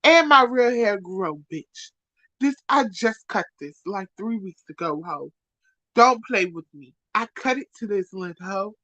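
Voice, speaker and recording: Woman, live-stream rant, profane insults, bright sharp voice, dry close sound. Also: mid-range voice, lively intonation, measured pace, no room sound, highs cut off. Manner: profane, insulting, repetitive, swings from shouting to muttering.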